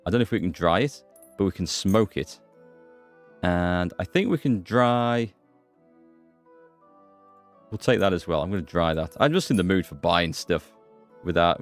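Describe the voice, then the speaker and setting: A man hosting a gaming playthrough, chatting, joking and thinking aloud. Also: deep voice. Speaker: gaming host. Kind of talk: let's play commentary.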